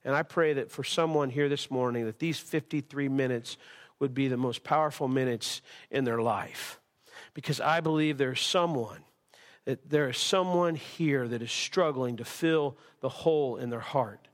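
A man's voice: medium pitch, normal speed. A male pastor preaching a sermon at a church service, impassioned, repeating words and restarting phrases.

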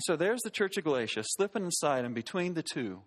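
A man with a notably high-pitched voice delivers a sermon as a pastor. He tells stories in an animated, self-deprecating way, slipping humor in among his points. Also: fairly quick, few pauses.

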